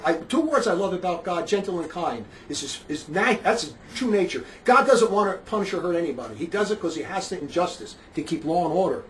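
High-voiced, emphatic preacher man. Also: slight background noise, poor audio. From northern New Jersey. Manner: emphatic, rambling, repeats himself, rises to loud outbursts. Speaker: street preacher. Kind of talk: casual spoken monologue.

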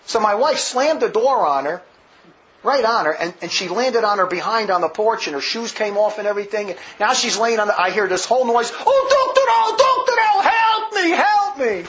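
A man's voice: sits high, fairly quick, fairly bright tone, a little hiss or hum. A man preaching a sermon full of stories, vehement and rambling, with many restarts, on a dull lo-fi recording.

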